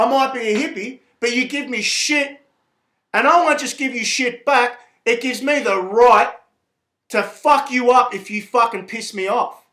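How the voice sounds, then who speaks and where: A man's voice: very high-pitched, pushed and bright, reverberant. A man, talking to camera in a profane, rambling and heated monologue. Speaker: vlogger.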